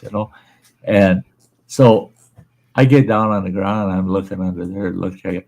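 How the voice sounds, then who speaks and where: A man's voice: sits low, steady tone, normal speed, creaky, darkish tone. A man hosting a livestream, chatting casually and telling folksy, rambling stories, with easy laughter and casual swearing. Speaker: livestream host. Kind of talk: casual chat and storytelling. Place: room at home where he smokes.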